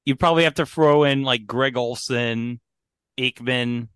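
A man's voice: medium pitch, unhurried, fairly bright tone, smooth, dry recording. A man co-hosting a podcast in casual chat, joking and quizzing his co-host.

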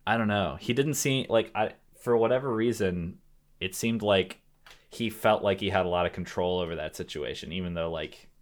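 A man's voice: deep voice, moderate pace. A young man chatting casually about a film he rewatched, rambling with lots of fillers and restarts. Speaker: podcast co-host discussing a film. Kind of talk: casual chat.

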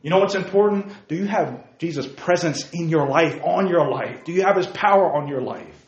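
A man preaching a sermon to young people, lively, calling listeners by name and asking them questions, swinging from loud outbursts to hushed asides. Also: a little high, moderate pace, reverberant, lo-fi sound. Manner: addresses listeners by name, asks rhetorical questions. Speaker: youth preacher.

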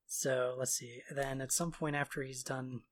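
A man's voice: mid-range voice, flat delivery, slight background noise. A man casually retelling a video game's story in a sarcastic, offhand way. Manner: sarcastic, offhand retelling with quick mock quotes. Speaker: podcast co-host recapping a game story. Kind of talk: casual chat.

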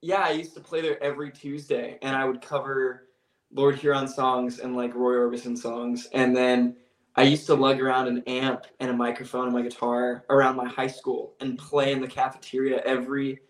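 Animated young man in an echoey room. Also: mid-range voice, moderate pace. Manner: animated, laughing storyteller. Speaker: guest musician. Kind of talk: casual interview storytelling.

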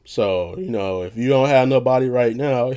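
A man's voice: moderate pace, clean tone. A man talking casually on his own vlog in a loose, rambling way, often saying "you know what I'm saying". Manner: low monotone voice that he says he projects; loose, restarting, swears casually. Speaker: vlogger; retail worker.

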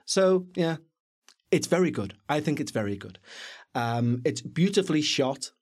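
A man co-hosting a podcast, reviewing a film in a chatty, jokey, animated way. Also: on the high side, unhurried. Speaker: podcast co-host. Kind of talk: casual film review chat.

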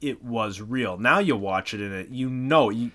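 A man co-hosting a casual podcast, reflective and given to trailing off into quiet asides. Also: medium pitch, moderate pace. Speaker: podcast co-host. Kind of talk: casual chat.

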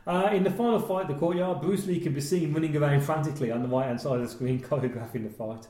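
A man's voice: a little high, steady tone, fast, mellow. A man hosting a casual film chat, chatty and laughing at his own jokes. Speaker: podcast host. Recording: roomy echo.

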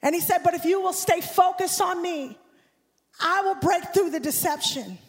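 A woman preaches a fervent sermon as a guest speaker, her voice very high as it climbs into shouts and a sung, rhythmic cadence. Long reverb from the church hall trails behind every phrase of her handheld-mic delivery. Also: normal speed. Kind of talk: impassioned sermon. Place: church sanctuary. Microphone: handheld microphone.

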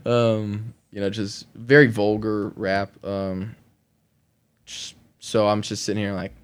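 A man from Oklahoma recounts his past in a loose, conversational podcast telling. His voice sits on the low side, and he rambles through fillers, often laughing between sentences. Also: moderate pace. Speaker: guest sharing his testimony.

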